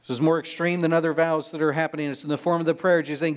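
Delivering a sermon in a fairly high, flat voice, this man talks fast with few pauses. He reads a scripture passage aloud and expounds on it verse by verse, with emphatic delivery.

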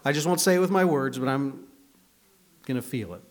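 A man's voice: medium pitch, brisk. Earnest pastor man preaching conversationally. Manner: earnest, shifts between hushed and emphatic passages. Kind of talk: conversational sermon.

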